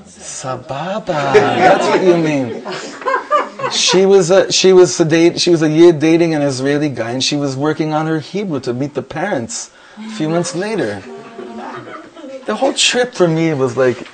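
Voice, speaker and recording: A middle-aged man, a rabbi, telling lively anecdotes full of quoted dialogue before a Torah class. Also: fairly high pitch, moderate pace, a crowd in the background.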